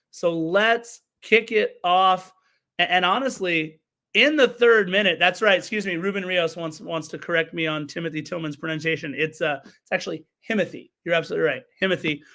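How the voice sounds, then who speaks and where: A fairly high-pitched man hosting a soccer podcast, talking through a match recap with eager energy. He breaks off to correct himself and answer live chat. His delivery is casual and animated. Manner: enthusiastic, self-correcting, chatty asides to chat and co-hosts. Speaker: podcast host.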